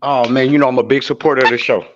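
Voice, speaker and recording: A man's voice: mid-range voice, fairly even intonation, very fast, muffled recording, noisy background. A man calling in to a live show, speaking hesitantly and rambling. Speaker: caller. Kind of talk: call-in chat.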